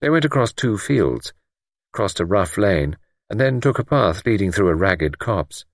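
A man narrating an audiobook story in a measured, expressive way. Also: lowish voice, dry recording, clean studio sound.

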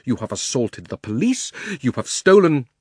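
A man voicing a pompous, indignant older gentleman who complains at length. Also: mid-range voice, big pitch swings, normal speed, slightly rough, dry recording, studio quality.

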